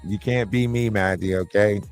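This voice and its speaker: A man's voice: fairly low pitch, steady tone, moderate pace, darkish tone, faint music behind. A man hosting a livestream, talking casually and mockingly in slangy gossip commentary. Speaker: livestream host.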